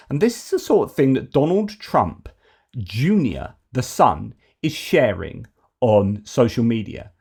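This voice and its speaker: A man's voice: mid-range voice, very animated, a little slow, a little mellow, husky. A man hosting a news commentary channel, talking casually and rambling with fillers and restarts.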